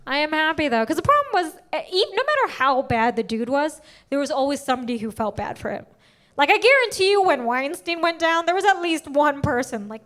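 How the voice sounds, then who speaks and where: A woman's voice: high-pitched, sing-song, moderate pace, fairly bright tone. A young adult woman doing a stand-up comedy set, brash and profane, acting out the people in her stories. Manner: brash, profane, acts out quoted voices. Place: comedy stage before a live audience.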